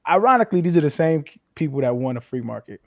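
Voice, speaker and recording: A man in his thirties from the western United States, a former football player speaking as a guest, telling candid, animated stories laced with profanity. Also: fairly high pitch, fast talker, dry recording, clean studio sound. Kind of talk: casual conversational interview.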